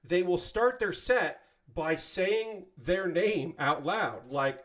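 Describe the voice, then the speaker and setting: Male streamer, casual swearing chatter, voice sits a bit high, thanks chat as he builds. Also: lively intonation, slow, fairly bright tone. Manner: rambling and conversational, swears casually; thanks viewers and subscribers by name. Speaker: streamer building LEGO sets live.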